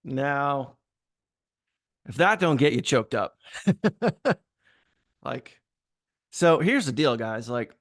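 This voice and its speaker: A man's voice: mid-range voice, animated, extremely slow, pauses often, a bit bright, no echo, clean studio sound. A man hosting a casual, filler-heavy motivational talk about working harder in business. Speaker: host.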